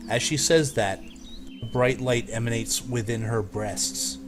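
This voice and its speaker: A man narrating as game master of a tabletop game, calm and descriptive, at times breaking into laughing apologies. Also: mid-range voice, measured pace. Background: background music.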